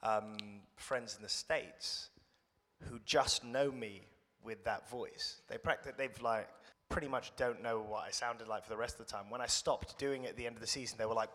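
A young British man speaks in a bright voice, pausing and restarting his sentences as he talks about himself with wry modesty. The sound rings out in a reverberant room. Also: mid-range voice. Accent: British English. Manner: thoughtful, self-deprecating, rambling with restarts. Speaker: guest actor. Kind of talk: casual interview chat.

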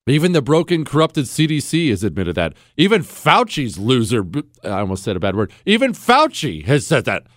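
A man hosting a call-in radio talk show, sarcastic and quick to laugh. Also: mid-range voice, huge pitch swings, fairly bright tone, no room sound, clean studio sound.

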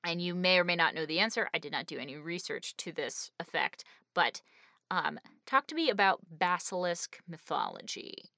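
Chatty podcast co-host, woman, bright lowish voice, giggly and rambling. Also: expressive, moderate pace, vocal fry, no echo, clean studio sound. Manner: bubbly, laughs often, rambling. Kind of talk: casual chat.

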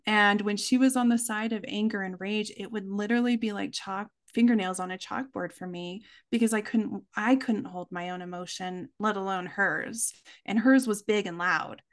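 A woman, a mother, telling a personal story in a conversation, earnest and reflective, slowing down for emphasis. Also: mid-range voice, steady tone. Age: adult with children. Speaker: podcast guest.

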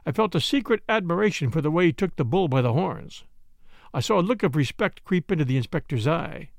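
Man reading an audiobook, gravelly voice, dry close mic, animated. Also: on the high side, a little fast, dry recording. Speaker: audiobook narrator. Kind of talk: scripted narration.

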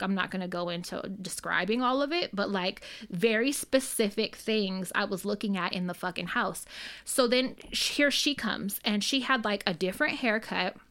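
A woman's voice: mid-range voice, a bit bright. Woman, casual storytelling, rambling, fillers and swearing. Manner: rambling, lots of likes and ums, cursing.

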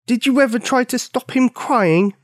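Brief: male reader voicing a brave little girl, high and earnest, with a dry, close sound. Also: measured pace, a little mellow, no room sound. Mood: angry. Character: young village girl, brave and stubborn.

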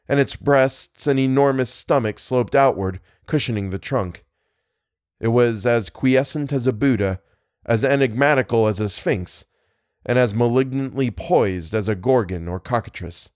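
A man narrating a horror story in a measured, deliberate way. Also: medium pitch, a little mellow, no echo, studio quality. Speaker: podcast narrator. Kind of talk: audiobook reading of horror fiction.

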